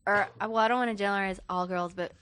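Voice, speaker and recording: A woman's voice: mid-range voice, steady tone, very fast, a bit bright, clean tone. A woman joining a casual podcast chat with brief, laughing replies.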